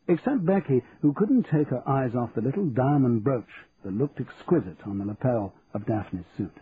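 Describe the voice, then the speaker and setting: Guy narrating an audiobook, steady pace, sounds like over a phone. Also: medium pitch. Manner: even, measured storytelling. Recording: tinny phone-like line, faint hiss.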